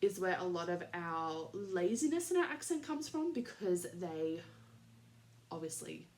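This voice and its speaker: In this casual podcast chat, an Australian woman in her thirties plays host, her voice low-pitched, lively, and a touch slow. She rambles along, dropping plenty of filler words and little laughs.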